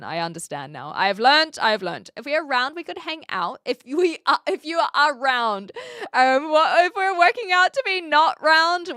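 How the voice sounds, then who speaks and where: A woman's voice: sits high, clear, resonant tone, dry recording, clean studio sound. A woman from New Zealand with a mixed accent and an occasional Australian twang, chatting casually and playfully on a livestream as she reads out viewer comments. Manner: chatty and playful, with lively swings between a soft mumble and bright exclaiming. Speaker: streamer.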